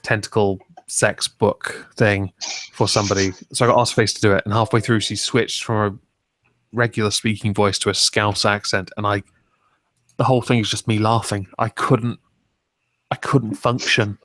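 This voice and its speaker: A man's voice: fairly low pitch, little pitch movement, moderate pace, a bit bright, no echo, studio quality. A man from England hosting a casual stream chat, wry and self-mocking, often laughing. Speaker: stream host.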